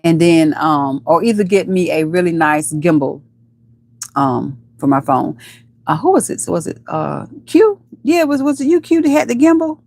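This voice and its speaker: A woman's voice: animated, normal speed, darkish tone. Chatty woman hosting a live stream. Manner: chatty and playful, calls viewers baby and honey, sudden high squeals. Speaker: livestream host. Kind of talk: casual live-stream chat with viewers.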